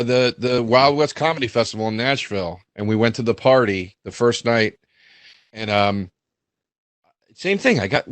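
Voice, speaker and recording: A comedian telling a rambling, self-deprecating story in casual chat over a video call. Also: male voice, medium pitch, no room sound. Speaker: comedian guest.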